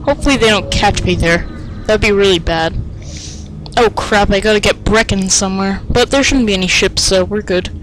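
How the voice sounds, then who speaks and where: A man giving let's play commentary, excitable and self-mocking, with sing-song taunts. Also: high-pitched, normal speed, a little hiss or hum, rough recording. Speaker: gamer.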